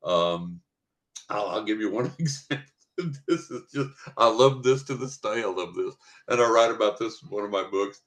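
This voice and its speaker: An older man with a fairly low voice rambles through a story. He chuckles as he goes in a casual podcast interview. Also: moderate pace, fairly bright tone. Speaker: guest psychic and author.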